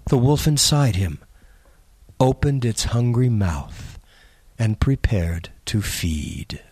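A man narrating a spooky story in a measured, suspenseful audiobook reading. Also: mid-range voice, sing-song, darkish tone, breathy edge.

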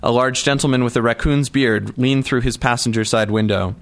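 A man's voice: medium pitch, steady tone, moderate pace. A male narrator reading a first-person story aloud in a wry, dry manner. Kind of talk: audiobook narration.

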